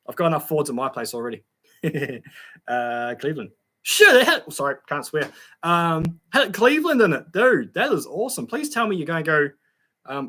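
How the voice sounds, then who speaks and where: A man's voice: on the high side, fairly bright tone. A young man hosting a casual livestream, reading out viewer comments in a chatty, laid-back way with frequent ums and laughs.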